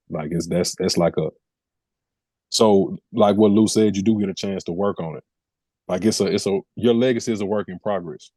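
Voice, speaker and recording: Mellow, low-voiced man musing. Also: normal speed, dry recording. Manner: thoughtful, relaxed, agreeable. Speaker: podcast co-host. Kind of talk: casual podcast talk.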